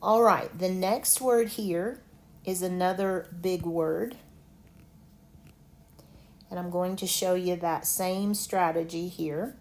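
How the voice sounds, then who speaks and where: Slow, patient woman teacher, low voice. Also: steady tone. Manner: slow, deliberate, sounds out syllables. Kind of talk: online lesson on medical word pronunciation.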